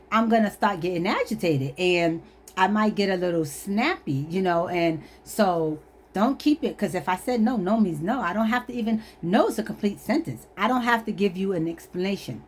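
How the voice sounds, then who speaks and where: A woman vlogger telling a personal story in an animated, emphatic way, often laughing at herself. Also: medium pitch, a little hiss or hum. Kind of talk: storytelling testimony.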